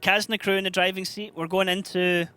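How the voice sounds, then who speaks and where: A Scottish man calls a live esports match, his voice pitched high and cutting through with a bright, forceful edge. He keeps the commentary brisk and upbeat, trading banter with his co-caster. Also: level tone, smooth, soft background music. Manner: brisk, upbeat play-by-play with laughs.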